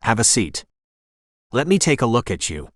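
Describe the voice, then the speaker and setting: A man's voice: mid-range voice, sing-song, moderate pace, dry recording, studio quality. A man playing a serious older doctor. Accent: slight Spanish accent. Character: older male small-town doctor, serious.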